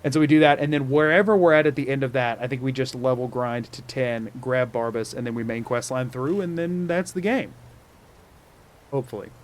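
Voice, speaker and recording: A man's voice: medium pitch, fairly quick, a little hiss or hum. A man streaming a game, chatting casually to viewers in a playful, rambling way full of repetitive wordplay. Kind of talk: casual live-stream chat.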